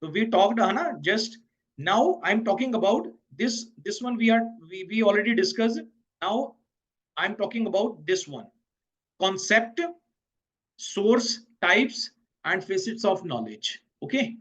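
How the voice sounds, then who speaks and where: A man's voice: high-pitched, expressive, measured pace, a bit bright, breathy edge, rough recording. A man with an Indian accent teaching an exam preparation class, switching between Hindi and English and often checking in with "okay?" and "right?".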